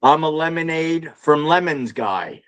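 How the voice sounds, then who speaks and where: Slow-talking man, folksy inventor. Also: fairly high pitch, animated, a bit bright, clear, resonant tone, no echo, rough recording. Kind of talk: casual personal story on a video call.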